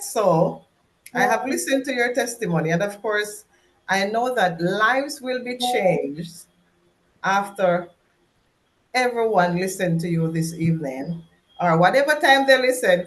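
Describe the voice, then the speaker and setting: Woman, Jamaican accent, show host, casual interview talk, frequent fillers, average pitch. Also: unhurried, noisy background. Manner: warm, laughs often, frequent "um" and "all right".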